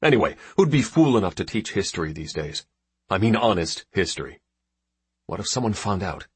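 A man's voice: sits low, very animated, brisk, breathy edge, no room sound, heavily acted. A man voicing a harsh old male farmer and inventor who talks down to his son bluntly. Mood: scornful. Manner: blunt and scornful.

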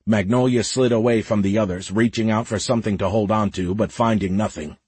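Low husky male narrator. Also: no echo. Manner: steady, measured storytelling. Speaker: audiobook narrator. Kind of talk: scripted narration.

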